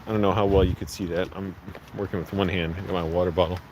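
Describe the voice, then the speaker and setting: Low-voiced man vlogging on a street walk. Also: flat delivery, fast. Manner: rambling, talks to the camera while walking. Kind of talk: casual walking vlog. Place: outdoors on neighborhood streets. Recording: outdoor street recording with clear background noise. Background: passing traffic and outdoor street noise.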